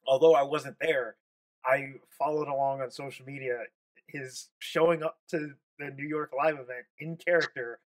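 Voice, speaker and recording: A man's voice: mid-range voice, fairly even intonation, normal speed, low-quality recording. A man talking as a panel guest, hesitant, stumbling over his words. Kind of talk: casual panel chat.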